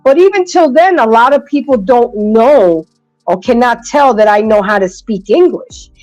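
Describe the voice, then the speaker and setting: A woman with a higher voice chats casually in a dry, close recording, with faint music underneath. She is a native Spanish speaker who tells stories easily. Her R sounds sometimes catch and slow her down. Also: animated, a little mellow, dry recording, rough recording. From United States, from Dominican and Sicilian parents. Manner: chatty, storytelling, some stumbling over R sounds. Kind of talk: casual conversation.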